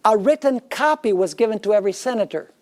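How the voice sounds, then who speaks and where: A man's voice: sits high, animated, fast, a little mellow. A male pastor preaching a sermon in an emphatic way, often asking his listeners rhetorical questions.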